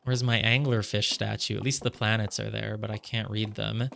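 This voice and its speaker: A man's voice: lowish voice, little pitch movement, normal speed, gravelly, pushed and bright, a little hiss or hum. A man musing aloud over his gameplay. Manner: musing aloud, heavy on "like" fillers. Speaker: gamer playing through a game. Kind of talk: casual let's-play commentary.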